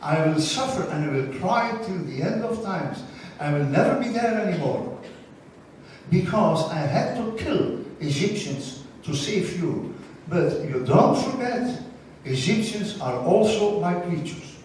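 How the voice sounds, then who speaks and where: A man's voice: high-pitched, expressive, unhurried, a little mellow, slight background noise. Sorrowful God read by a male speaker, heavy, repeating, hall echo. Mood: grieving. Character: sorrowful God weeping over His creatures. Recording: echoey hall, mic far off.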